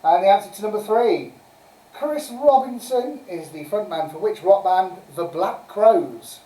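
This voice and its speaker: Hosting a homespun online pub quiz on a live stream, this woman chats away, giggles between answers, and reads out answers and scores. Her mellow, medium-pitched voice is animated but a little slow, captured from afar in an echoey room.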